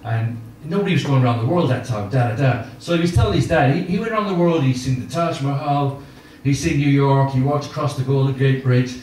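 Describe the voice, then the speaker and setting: A man's voice: medium pitch, brisk, hardly any pauses, darkish tone, a little hiss or hum. A middle-aged man doing stand-up, telling rambling self-mocking stories with filler words, at a live gig. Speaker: stand-up comedian. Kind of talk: stand-up storytelling. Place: live comedy gig venue. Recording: echoey room from far off.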